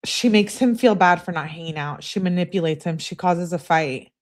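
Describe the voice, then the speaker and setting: A woman's voice: on the low side, normal speed. A woman hosting a true-crime channel, reading texts and adding candid asides with sighs and laughs for her viewers. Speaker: true-crime commentary host.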